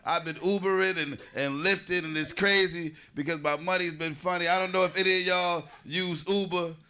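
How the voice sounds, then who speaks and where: A man's voice: high-pitched, fairly even intonation, normal speed, bright, forceful tone, clear, resonant tone. A man in his forties from New Jersey doing a loose, conversational stand-up set, riffing with the audience on a comedy stage. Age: 40s.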